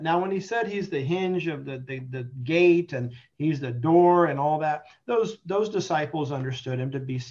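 A man's voice: fairly high pitch, darkish tone. A man explaining his faith and conversion in conversation, earnest and emphatic, stretching out key phrases. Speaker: guest, Catholic convert. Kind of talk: conversational religious testimony and explanation. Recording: dull lo-fi sound.

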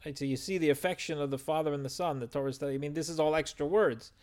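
A man's voice: on the high side, fairly even intonation, rapid-fire, a little mellow. A man teaching a verse-by-verse Torah text study, explaining and translating Hebrew phrases as he goes.

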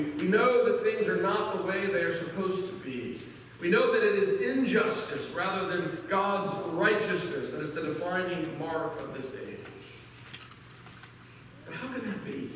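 A man's voice: sits high, fairly bright tone, a little hiss or hum. A pastor preaching a sermon in an earnest manner, often repeating words as he starts a sentence. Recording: echoey church hall from far off.

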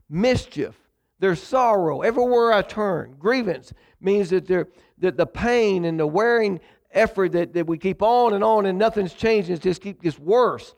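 A preacher man with a gravelly, rough-edged voice pitched a little above the usual. He delivers his sermon with dramatic voiced quotes and quick asides, swinging between reading scripture and talking straight to the congregation. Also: darkish tone. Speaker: pastor.

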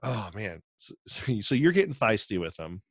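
A man's voice: fairly low pitch, big pitch swings, normal speed, breathy edge, no room sound, studio quality. A man co-hosting a podcast in casual chat, joking and chiming in with quips and his own story. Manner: joking banter, chimes in with quips. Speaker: podcast co-host. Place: on a video call.

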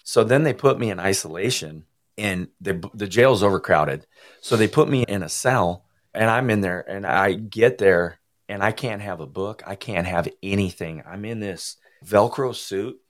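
A man as an interview guest, telling his personal recovery testimony in an earnest, emotional, halting way. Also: on the low side.

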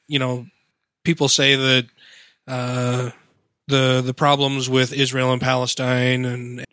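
A man explaining things in a measured, occasionally profane way during a casual political chat. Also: mid-range voice, sharp tone, smooth, no echo, studio quality.

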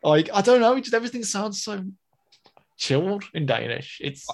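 A man's voice: high-pitched, very animated, moderate pace, gravelly. A man with a Birmingham accent co-hosting a podcast, chatting casually and hesitantly with many ums. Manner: hesitant, lots of ums, laughs easily. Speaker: podcast co-host. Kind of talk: casual chat.

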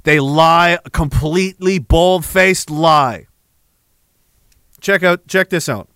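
A man's voice: fairly high pitch, slow, a bit bright, no room sound. A man hosting a podcast, delivering a heated, profane, sarcastic rant. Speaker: podcast host.

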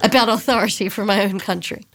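A woman playing a tabletop game who talks in character in a lively, sardonic way. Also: medium pitch, fast. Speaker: player.

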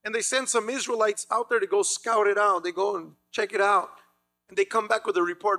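High gravelly male preacher. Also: fairly even intonation, brisk, faint music behind. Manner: dramatic, acts out biblical voices with shouts. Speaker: pastor. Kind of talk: sermon.

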